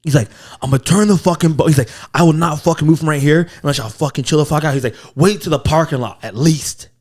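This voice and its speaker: A man's voice: a little high, quick pace. A man co-hosting a comedy podcast, telling a rowdy story in a casual way, acting out his friends' lines and swearing often. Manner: animated, acts out quotes, frequent swearing. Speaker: podcast co-host.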